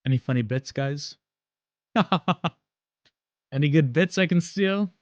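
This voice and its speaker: Brief: playful male streamer, fairly high and animated, dry lo-fi desk mic. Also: slow, no room sound. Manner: joking, many filler ums, laughs often. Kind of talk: casual chat.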